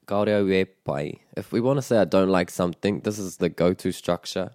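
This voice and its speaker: Low-voiced New man teaching phrases. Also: brisk, no echo, studio quality. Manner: explains phrases, models them with expressive intonation. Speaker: te reo Māori teacher. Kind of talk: conversational language lesson.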